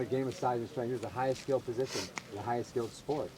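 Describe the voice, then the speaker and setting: A man coaching baseball infielders on a field, calling out short, energetic drill cues and explaining technique. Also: medium pitch, fast talker, few pauses, crowd noise.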